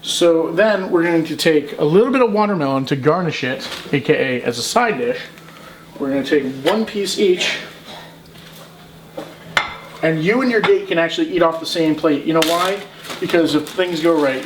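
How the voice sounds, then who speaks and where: A man's voice: a little high, expressive, moderate pace, a little hiss or hum, poor audio. A man hosting a casual cooking show, joking and hamming for the camera as he walks through each step. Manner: jokey and playful, hamming for the camera. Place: outdoor grill, then a home kitchen.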